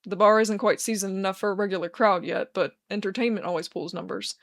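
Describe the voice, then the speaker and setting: A woman's voice: medium pitch, quick pace, no echo, natural voice. Woman voicing a dry, skeptical young man. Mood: tired. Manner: dry, wry, deadpan teasing.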